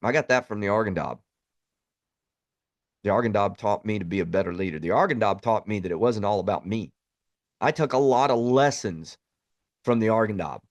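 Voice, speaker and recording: A man's voice: lowish voice, fairly quick, long pauses, no room sound. A plainspoken man, an Army veteran, talking bluntly in a reflective podcast monologue.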